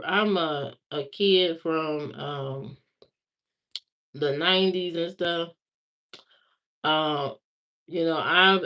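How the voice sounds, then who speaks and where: A woman's voice: on the low side, highs cut off. A woman in her thirties chatting casually on a livestream, answering viewer comments in a candid, rambling way with many fillers.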